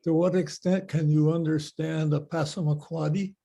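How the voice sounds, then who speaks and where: A man asks questions over a video call, pausing and searching for his words. His voice is gravelly and husky, with a dark tone. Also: a little high, fairly even intonation. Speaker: audience member asking questions. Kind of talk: casual questions.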